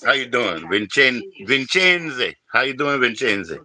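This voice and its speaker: Bright-voiced man rambling on a livestream. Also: medium pitch, expressive, normal speed. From Southern Italian heritage. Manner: rambling, profane, laughs often. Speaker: livestream host. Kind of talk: casual livestream chat.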